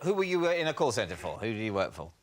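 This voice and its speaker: A man's voice: lowish voice, big pitch swings, quick pace. A man on a panel show team asking dry, sardonic questions in comic banter. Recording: TV studio with heavy noise.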